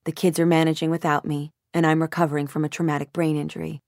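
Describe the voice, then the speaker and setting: A woman narrating a first-person audiobook in a measured, introspective way. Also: low-pitched, flat delivery, a little mellow, no echo, clean studio sound.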